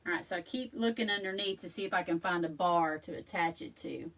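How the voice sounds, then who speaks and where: A woman's voice: on the low side, brisk, fairly bright tone, far from the mic. Chatty woman, a bit off-mic. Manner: chatty and self-deprecating, laughs often, addresses viewers as y'all. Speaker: crafting video host. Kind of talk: casual craft tutorial chat. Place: home craft room, indoors.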